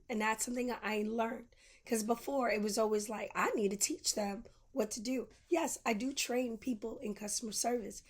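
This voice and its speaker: Woman podcaster, husky breathy voice, candid storytelling monologue, acts out dialogue. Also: a little high, fairly even intonation, moderate pace. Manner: candid, acts out both sides of conversations. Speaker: podcast host.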